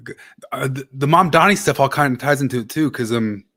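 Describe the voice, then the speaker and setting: A man's voice: mid-range voice, brisk, sharp tone. A man hosting a casual political chat, rambling along and sometimes losing his train of thought. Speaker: podcast host.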